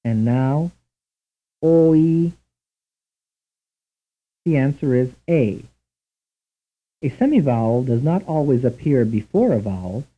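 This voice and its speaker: A man reading a scripted language lesson in a slow, measured, deliberate way, on a tinny old tape recording. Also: mid-range voice, expressive. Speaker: language instructor. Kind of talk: scripted programmed-lesson narration.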